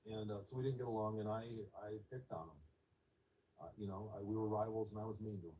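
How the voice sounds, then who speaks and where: A man in his fifties telling a personal story in an interview, soft, reflective and a little hesitant. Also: fairly low pitch, fairly even intonation, fast talker, distant mic, poor audio.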